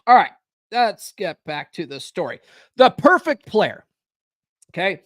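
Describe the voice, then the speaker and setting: Male podcast host, high voice, animated, swears, dry close sound. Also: unhurried, no echo. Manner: animated, swears freely, frequent fillers and "okay?" tags. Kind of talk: live stream commentary and book reading.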